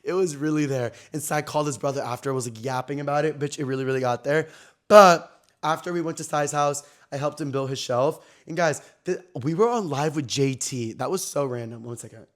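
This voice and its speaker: A young man hosting his own podcast, telling gossipy stories in an animated, slangy, casual way. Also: a little high, fairly quick. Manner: animated, chatty, heavy slang and "like" fillers. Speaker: podcast host.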